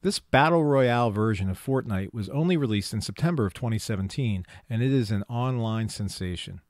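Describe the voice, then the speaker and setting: Lively co-host man reading out stats. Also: on the low side, fairly quick, dry recording, studio quality. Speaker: podcast co-host, pediatrician. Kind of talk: casual health talk.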